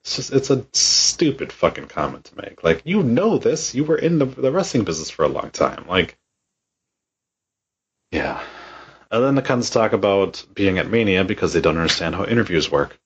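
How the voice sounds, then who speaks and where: Casting: low husky-voiced male podcast co-host, blunt and profane, slightly dull lo-fi sound. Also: big pitch swings, normal speed. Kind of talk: casual podcast chat.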